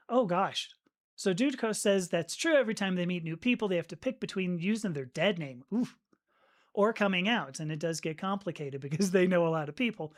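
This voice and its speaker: A woman hosts a live stream in a loose, talkative way. Her voice sits at an ordinary middle pitch. She thinks aloud, circles back on her phrases and laughs softly as she answers viewers. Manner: chatty and reflective, frequent fillers and restarts, laughing along. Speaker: livestream host reading viewer comments. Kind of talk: casual live-stream chat.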